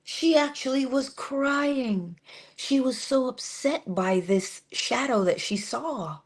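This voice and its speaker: A woman giving a morning motivational talk, dropping at times into a soft whisper and drawing out key phrases slowly. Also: high-pitched, expressive. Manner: shifts between full voice and soft unvoiced whisper; drawn-out, emphatic delivery with slowed phrases. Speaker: inspirational speaker.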